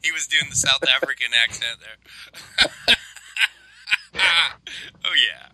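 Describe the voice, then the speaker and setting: A man's voice: mid-range voice, takes it slowly, bright, forceful tone, a little hiss or hum, low-quality recording. An American man hosting a casual chat, bantering and laughing often. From United States. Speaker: show host.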